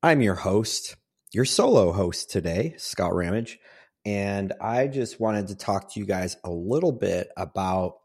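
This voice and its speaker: A man's voice: fairly low pitch, darkish tone. A middle-aged man hosting a solo podcast, giving earnest conversational advice to other men. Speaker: podcast host.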